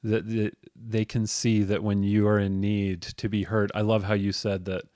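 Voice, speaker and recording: A male podcast host with a slightly low voice, asking a guest questions in a gentle, affirming way. His voice is recorded close and dry, with no room echo. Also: flat delivery, moderate pace. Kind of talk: interviewing a guest.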